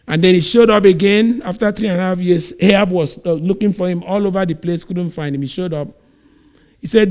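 A man from Nigeria preaching a sermon, retelling a scripture story in an animated way. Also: sits high, fairly quick. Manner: animated storytelling, acts out scenes.

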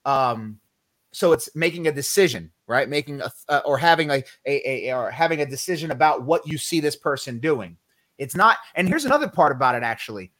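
A man with a slightly high voice teaching scripture on a casual faith podcast, emphatic and a little preachy, dropping slang as he goes. His voice sits dry and close, with no room around it. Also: expressive, brisk, a bit bright, dry recording. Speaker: podcast co-host.

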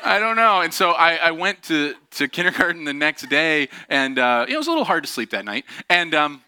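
A man's voice: on the high side, animated, fairly quick, bright, forceful tone, clear, resonant tone, dry recording. A man preaching a sermon as a pastor, telling a story in a casual, self-deprecating way with many fillers and restarts.

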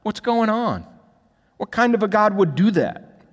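Male pastor, fairly high lively voice, emphatic sermon delivery, long hall reverb. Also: unhurried. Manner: animated preaching, swinging from quiet asides to loud emphatic peaks.

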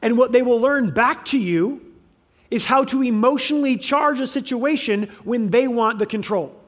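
A man's voice: very high voice, moderate pace. A man preaching a sermon, with emphatic swings in volume and frequent restarts. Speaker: pastor.

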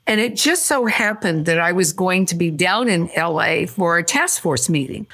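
An older woman from California, a guest in an interview, telling her story quickly and acting out what people said. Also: on the low side. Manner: animated, quick storyteller who acts out quotes.

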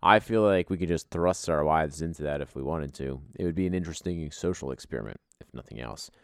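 A man with a very deep, gravelly voice chats loosely, swearing casually and drifting through his thoughts with fillers. He sounds close and dry, with no room around him. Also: fast talker, dry recording. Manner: laid-back, profane, rambling with fillers. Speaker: podcast host, league commissioner. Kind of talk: casual podcast sign-off.

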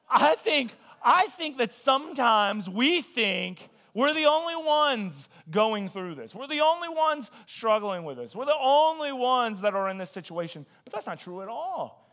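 A high-pitched man delivering a casual, story-driven sermon. He talks conversationally, acts out the voices in his own anecdotes, and keeps coming back to "man" and "listen". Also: normal speed, few pauses. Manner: animated storytelling with acted quotes. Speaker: guest preacher.

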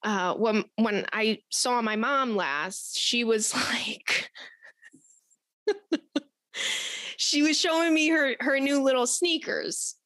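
A woman's voice: fairly high pitch, slow pace, pauses often, fairly bright tone, no echo, clean studio sound. A woman hosting a podcast, chatting casually and animatedly, laughing often. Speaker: podcast host. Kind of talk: casual chat.

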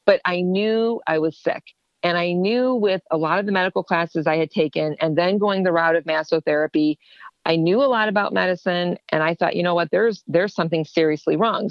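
Female interview guest, lower register, animated storyteller, dry close recording. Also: moderate pace, no echo, dull audio. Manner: animated, acts out quoted dialogue.

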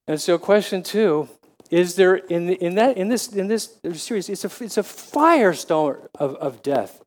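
A man in his seventies preaching a sermon, halting with frequent restarts, then rising to emphatic questions. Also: high voice, expressive, darkish tone. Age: 70s. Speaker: lay preacher.

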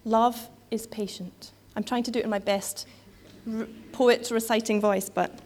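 A woman's voice: fairly high pitch, fairly even intonation, measured pace, few pauses, darkish tone. A woman giving a sermon in a conversational way, with frequent fillers and restarts. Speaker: preacher.

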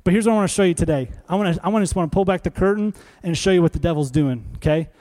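A male pastor preaching a sermon in a conversational, animated way, acting out little scenes. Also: sits high, rapid-fire.

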